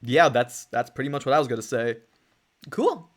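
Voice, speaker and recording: Excitable, jokey woman streamer. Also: rumbling low. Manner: excitable, jokey, quick asides. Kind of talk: casual let's-play chat. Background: soft lofi music.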